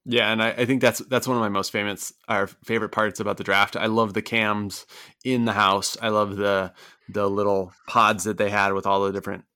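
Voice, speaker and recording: A middle-aged man co-hosting a sports podcast, talking in a relaxed, rambling way full of fillers. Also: fairly low pitch, fairly quick, no room sound, clean studio sound. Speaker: podcast co-host. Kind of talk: casual podcast chat.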